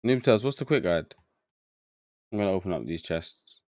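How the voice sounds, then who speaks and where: A man's voice: low voice, animated, normal speed, darkish tone, no room sound, studio quality. A man streaming a game live, muttering to himself as he gets confused and chatting with his viewers. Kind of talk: live gameplay commentary.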